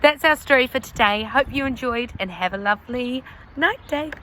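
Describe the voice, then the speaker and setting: A woman reading a picture book aloud to children in an animated, sing-song way, asking the listener questions along the way. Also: a little high, moderate pace, slight background noise. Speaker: storyteller for children.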